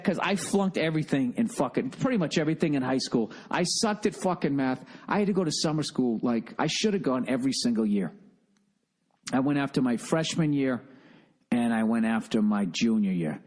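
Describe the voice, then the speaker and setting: A man's voice: medium pitch, animated, fairly quick, darkish tone. A middle-aged man with a Boston accent, hosting a casual solo podcast in a profane, rambling, self-mocking way. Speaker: podcast host.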